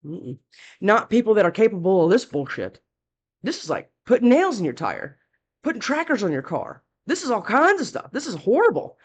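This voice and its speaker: A woman's voice: medium pitch, big pitch swings, normal speed, husky, muffled recording. Blunt, chatty woman reading tarot. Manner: blunt and chatty, curses freely, scolding. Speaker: tarot reader.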